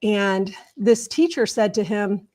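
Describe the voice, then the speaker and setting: A female culture change consultant, a guest in an interview, retells a conversation step by step. Her voice is medium-pitched, slow, and dark in tone.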